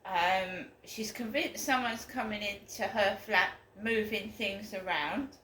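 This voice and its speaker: A woman's voice: mid-range voice, takes it slowly, pushed and bright. A woman telling a long story to camera in a rambling, indignant way that gets worked up. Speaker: vlogger. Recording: roomy echo, faint room noise.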